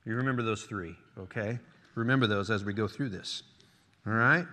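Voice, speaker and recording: A man's voice: medium pitch, animated, normal speed, pushed and bright. A man preaching a sermon as pastor, reading scripture aloud and calling out to the congregation. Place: church hall. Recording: long hall reverb.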